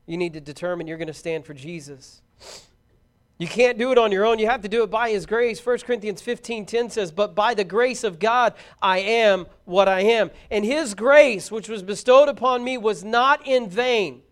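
A man with a very high-pitched voice preaches a fervent sermon. He is middle-aged and calls out his exhortations to his young listeners. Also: moderate pace.

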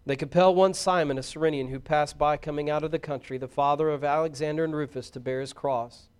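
High, smooth-voiced male scripture reader. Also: steady tone, quick pace. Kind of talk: formal scripture reading.

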